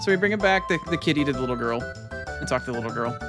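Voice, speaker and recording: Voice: mid-range voice, expressive, very fast. Casual let's-play streamer, cussing, laughs at themself, game music under. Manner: rambling, profane and self-deprecating. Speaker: gaming streamer.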